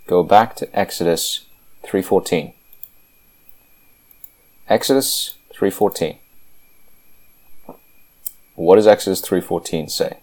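Deep-voiced man preaching with fervor. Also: warm tone. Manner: fervent, emphatic, with frequent restarts. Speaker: Christian commentator. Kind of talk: impassioned Bible commentary.

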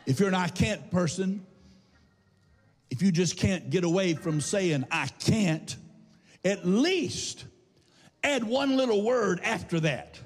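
A man preaching a lively call-and-response sermon that rises into sung shouts, recorded in a large church hall. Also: sits high, takes it slowly, pauses often, faint music behind. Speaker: pastor. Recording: husky voice, long hall reverb.

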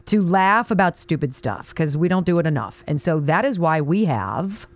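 A woman's voice: lowish voice, normal speed. A woman hosting a radio show, reading jokes in casual banter and laughing often. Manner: laughs often, lively joke delivery. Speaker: radio host.

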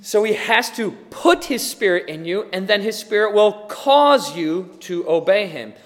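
Impassioned high-voiced male preacher. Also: animated, a little slow, in a large hall. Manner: impassioned, builds to emphatic forceful delivery. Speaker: pastor. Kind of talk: sermon.

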